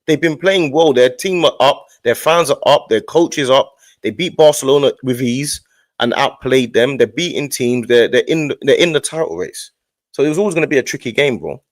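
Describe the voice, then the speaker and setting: A man's voice: medium pitch, normal speed, no echo. A young man arguing heatedly about football, repeating his point and cutting in. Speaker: football podcast host.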